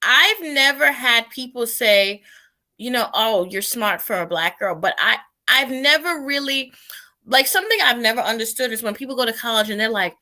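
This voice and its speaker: Bright, high-voiced young woman from New York. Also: lively intonation, moderate pace. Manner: reflective, thinks aloud with fillers and restarts. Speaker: guest. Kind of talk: casual conversation. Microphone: video call.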